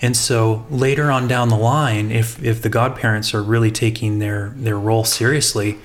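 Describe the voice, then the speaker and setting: A man's voice: lowish voice, fairly even intonation, normal speed. A man co-hosting a casual faith podcast, talking reflectively with frequent restarts. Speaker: podcast co-host. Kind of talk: casual discussion.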